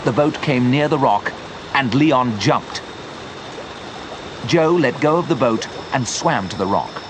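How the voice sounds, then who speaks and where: A man with a British accent reading a graded story aloud for English learners, clear and deliberate. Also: lowish voice, noisy background. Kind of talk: slow graded-reader narration.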